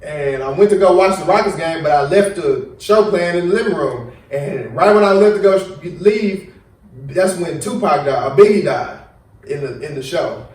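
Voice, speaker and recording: Animated young man in an echoey room. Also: on the high side, moderate pace, recorded from a distance. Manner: animated storytelling, acts out quotes. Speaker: podcast host. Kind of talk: casual chat. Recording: echoey room, voice a bit off-mic.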